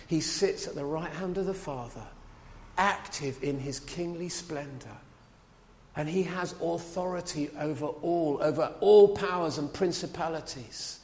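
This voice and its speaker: A man delivering a sermon, lively and conversational, with asides to the congregation. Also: fairly high pitch. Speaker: preacher. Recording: long hall reverb.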